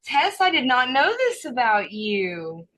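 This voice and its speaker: A woman hosting a podcast and asking her guest measured, curious questions. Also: high voice, very animated, a bit bright, rough recording. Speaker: podcast host. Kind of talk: interview questions.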